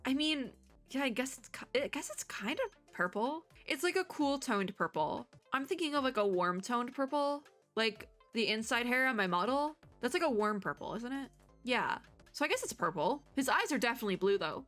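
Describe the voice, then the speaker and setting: A woman's voice: fairly high pitch, sing-song, moderate pace, fairly bright tone, faint music behind. A woman VTuber reading a game story aloud, with chatty, giggly, playfully sarcastic commentary.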